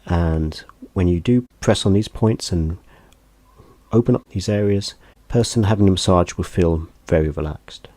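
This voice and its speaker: A man teaching a gentle hand massage, speaking in a soft, unhurried, calm instructional way. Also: low voice, dry recording.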